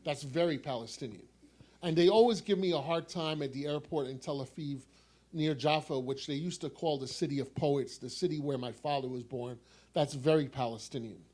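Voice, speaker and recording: A poet from New York City with a New York accent reads his own poem aloud, delivering its repeating refrain wryly. His voice is on the high side and a little mellow, at a moderate pace.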